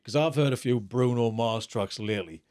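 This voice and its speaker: A man's voice: medium pitch, normal speed, darkish tone. A man co-hosting a podcast, rambling and jokey, often laughing as he talks. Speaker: podcast co-host. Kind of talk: casual chat.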